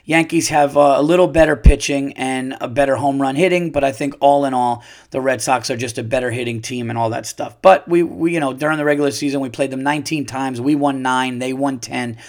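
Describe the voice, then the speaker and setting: A man hosting a podcast, ranting loudly and profanely about sports. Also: medium pitch, steady tone, fairly quick, few pauses. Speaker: podcast host. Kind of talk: solo podcast rant.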